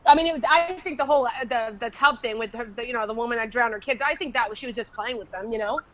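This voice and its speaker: A woman's voice: a little high, fast, fairly bright tone, lo-fi sound. A woman co-hosting a casual podcast chat, teasing and crude, laughing often. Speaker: podcast co-host.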